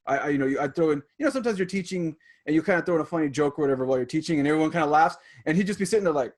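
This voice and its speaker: A man's voice: on the high side, very fast. Man hosting a podcast, reading a checklist. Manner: reads out a checklist with asides and stories; imitates speech patterns while explaining. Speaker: podcast host. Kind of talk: casual podcast discussion.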